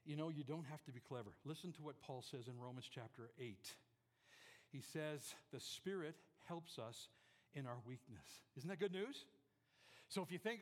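Male pastor preaching, high voice, animated, loud then hushed, jokes with the room. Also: normal speed, in a large hall. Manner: jokes with the congregation. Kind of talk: sermon. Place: church before a congregation.

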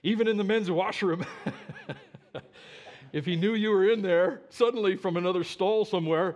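Dynamic male pastor preaching. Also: moderate pace. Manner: dynamic, swinging from loud emphatic calls to low quiet asides. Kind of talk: sermon. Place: church sanctuary with a live congregation.

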